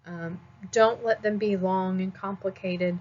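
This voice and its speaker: A woman teaching a nursing class in a conversational lecture style, often pausing with "um" and checking in with "all right?". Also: mid-range voice, fairly even intonation, darkish tone, dull audio. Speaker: nursing instructor. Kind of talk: recorded lecture.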